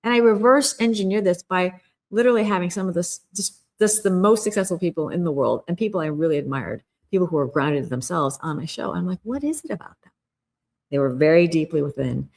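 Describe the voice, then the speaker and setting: A woman's voice: fairly low pitch, fast, gravelly, a little mellow. A middle-aged woman guest on a podcast interview, explaining a communication skill in an earnest, emphatic way and acting out quoted inner voices.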